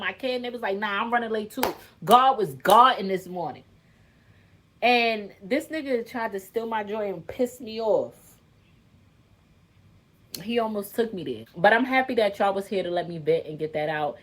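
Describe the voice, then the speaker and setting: A woman speaking in in an emotional vlog, venting straight to her viewers, animated and swearing freely. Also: medium pitch, moderate pace. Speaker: content creator venting to viewers.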